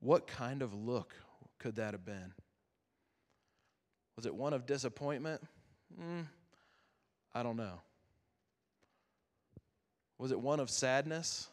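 A man preaching as a youth pastor, earnest and conversational, with dramatic pauses that drop to a near-whisper. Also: mid-range voice. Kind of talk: sermon. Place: chapel. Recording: long chapel reverb.

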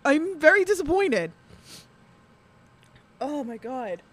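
A woman's voice: high-pitched, big pitch swings, slow pace. A woman hosting a casual podcast chat, laughing to tears and reading chat comments aloud. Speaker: podcast host.

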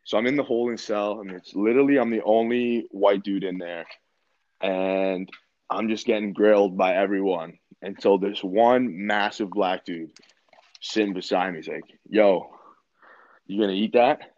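A Canadian man in his twenties tells a story in a laid-back, casual way, swearing a lot and using plenty of filler words. His fairly low voice is steady and a little mellow at a normal speed, captured in a dull, slightly muffled dry recording.

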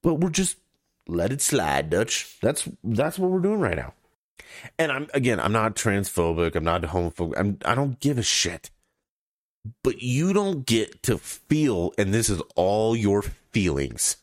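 A man hosts his own podcast, delivering a blunt, profane, opinionated solo rant as he mocks opponents and laughs at his own jokes. His lowish voice is sing-song and a little slow, captured in studio quality with no room sound.

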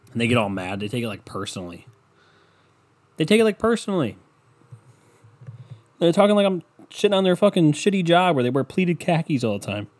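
A young man hosting a casual solo podcast, ranting with lots of swearing, mocking people and laughing at his own jokes. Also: medium pitch. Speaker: podcast host.

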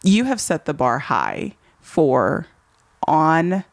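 A woman hosting a podcast interview in casual chat, animated and repeating words for emphasis. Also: low voice, very slow, no room sound. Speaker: podcast host.

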